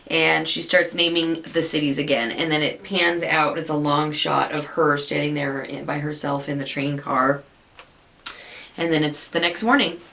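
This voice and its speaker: A woman's voice: fairly low pitch, bright, forceful tone. A woman giving a casual, rambling recap of a TV episode, often interrupting herself as she retells it. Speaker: TV episode reviewer.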